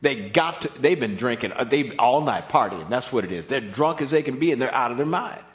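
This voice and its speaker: A man's voice: medium pitch, lively intonation, brisk, natural voice. A man with an American accent voicing a bewildered crowd that mocks the speakers as drunk. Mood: scoffing. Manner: incredulous, mocking. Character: bewildered scoffing crowd of men.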